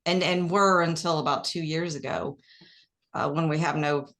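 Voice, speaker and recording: A woman's voice: deep voice, fairly even intonation, moderate pace, fairly bright tone. Matter-of-fact woman, crime scene investigator. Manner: plain, matter-of-fact, with fillers. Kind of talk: casual interview answers.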